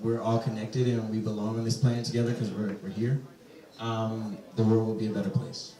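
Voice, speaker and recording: A man, a poet, answering audience questions at a live reading. He talks hesitantly and softly, with many fillers. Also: lowish voice, level tone, fairly quick, a crowd in the background. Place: echoey event space. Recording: echoey room, distant mic.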